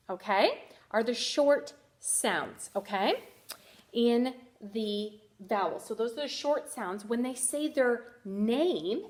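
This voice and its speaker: A woman teacher giving a first-grade reading lesson, sounding out letters clearly and praising the children. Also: fairly high pitch, expressive, slow pace. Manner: encouraging.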